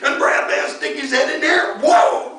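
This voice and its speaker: High-voiced folksy male storyteller. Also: a little slow, sharp tone, a faint crowd. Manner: folksy, chuckling. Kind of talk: folk tale storytelling. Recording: echoey room, mic far off.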